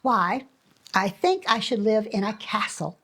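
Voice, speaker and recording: A woman's voice: sing-song, a little slow, a bit bright, slightly rough, full character voice. A woman putting on a wailing greedy old crone. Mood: lamenting. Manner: wailing, lamenting in a high quavering voice.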